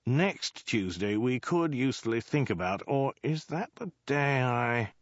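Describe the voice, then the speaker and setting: A man's voice: mid-range voice, lively intonation, measured pace, no echo, lo-fi sound, pitched above the performer's own voice, close to an everyday voice. A man voicing a self-absorbed male warlord king who rambles through vague excuses with mild hesitations, in a storybook reading. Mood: dithering.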